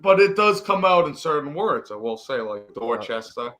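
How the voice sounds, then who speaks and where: A man's voice: medium pitch, big pitch swings, normal speed, crowd noise. A young man in his twenties from the Boston area, with a Boston accent, chatting as a podcast guest in an easygoing, hesitant way. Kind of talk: casual podcast chat.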